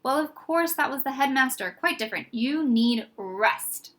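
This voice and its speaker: A woman's voice: high voice, expressive, fairly bright tone. A woman doing a strict, fussy school matron. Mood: firm. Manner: firm, brisk.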